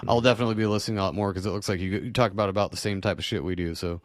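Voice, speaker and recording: A laid-back man talks casually as a guest podcaster, swearing now and then. His voice is low. The sound is dry and close. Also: steady tone, rapid-fire, no echo.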